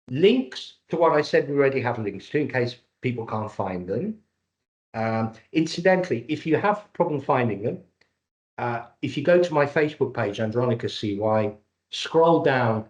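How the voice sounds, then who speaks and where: A man's voice: mid-range voice, darkish tone. A man from Cyprus and Britain presenting a live webinar over a video call, jokey and salesman-like. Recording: dull lo-fi webinar audio.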